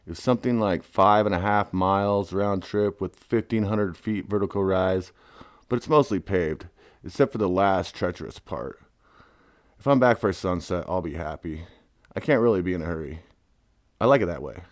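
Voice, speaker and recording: A man's voice: sits low, normal speed, dry recording, studio quality. A man reading his own memoir aloud in a wry, casual storytelling manner. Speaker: narrator.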